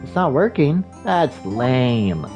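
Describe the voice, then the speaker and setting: A man's voice: medium pitch, very animated, slow, muffled recording, over music. A man reading as a perky teenage girl. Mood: playful. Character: cheerful teenage girl, playful younger sister.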